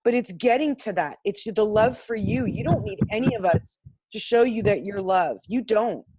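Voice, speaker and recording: A woman's voice: mid-range voice, animated, moderate pace, mellow, slight background noise. A woman giving an impassioned, blunt spiritual talk to a group on a video call, swearing freely and pressing her points hard. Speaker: class participant sharing insights.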